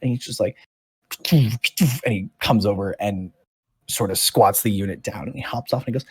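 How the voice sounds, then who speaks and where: A man's voice: fairly low pitch, moderate pace, slightly rough, no room sound. A man narrating as dungeon master in a casual, rambling way with many fillers. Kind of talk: narrating a tabletop game.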